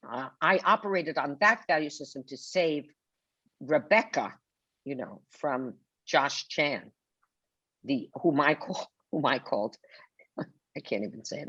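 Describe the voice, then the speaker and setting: Older woman guest on a webinar, low voice, vivid theatrical storyteller, dull dry video-call sound. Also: animated, a little slow, pauses often, a bit bright, husky, no echo. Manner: theatrical storyteller who acts out quotes. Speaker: guest author. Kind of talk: webinar conversation.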